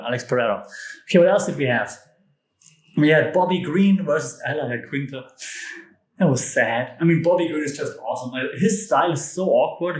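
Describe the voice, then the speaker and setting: Brief: European man, solo podcast host, mid-pitched, excitable and joking, recorded in an echoey room. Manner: enthusiastic, emphatic, jokey asides. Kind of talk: casual solo podcast monologue.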